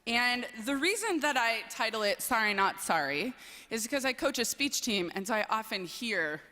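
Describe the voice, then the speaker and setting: Bright, chatty young woman in a chapel. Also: fairly high pitch, sing-song, normal speed. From southern Wisconsin. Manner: chatty and playful, self-deprecating, many "um"s. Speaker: chapel speaker, speech coach. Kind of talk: humorous personal talk at a chapel service. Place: large chapel. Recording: long reverb in a large chapel.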